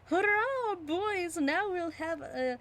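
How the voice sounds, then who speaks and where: Hearty male innkeeper, a woman putting on his voice, very high, loud, put-on accent, amateur storybook reading. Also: slow. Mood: excited.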